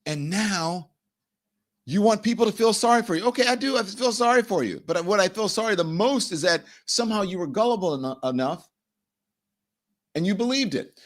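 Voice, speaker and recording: A man's voice: high-pitched, expressive, brisk. A man hosting a live political commentary show, talking straight to his viewers and repeating phrases for emphasis. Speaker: show host.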